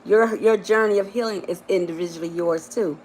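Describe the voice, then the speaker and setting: A woman's voice: fairly quick, darkish tone, slight background noise. A woman life coach giving a motivational live-stream talk, affectionate and emphatic, often repeating herself and calling her listeners baby and honey. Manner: emphatic and repetitive, rising to high exclamations.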